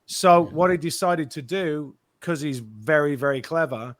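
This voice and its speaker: A man, an actor guest, telling lively anecdotes in an interview and acting out the quotes. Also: a little high, unhurried, dry recording. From Britain. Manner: animated storyteller, acts out quotes.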